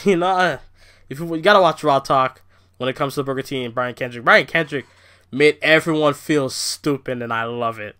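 Young man, from Canada, ranting vlogger, profane, animated, somewhat high voice, bright sharp tone. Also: moderate pace, clean tone. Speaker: wrestling review vlogger. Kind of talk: casual rant review.

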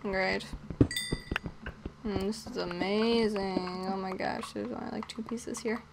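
A woman's voice: mid-range voice, fairly even intonation, slow pace, vocal fry, very noisy. A young woman chatting playfully while playing a video game, greeting the animals she meets. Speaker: gamer. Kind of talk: casual game commentary.

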